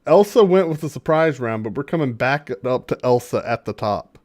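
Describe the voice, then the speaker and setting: A man's voice: medium pitch, lively intonation, moderate pace, darkish tone. A man running a tabletop fantasy game on a livestream, narrating scenes playfully and laughing with his players. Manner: playful descriptive storytelling, breaks into laughter. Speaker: game master.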